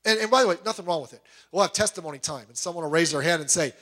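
High-pitched guy preaching a sermon, pushy and emphatic, lots of rhetorical questions. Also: rapid-fire, sharp tone. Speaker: pastor.

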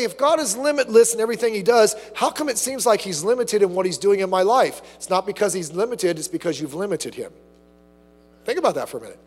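A man preaching a sermon as pastor, animated, acting out little asides and quotes. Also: high-pitched, in a large hall.

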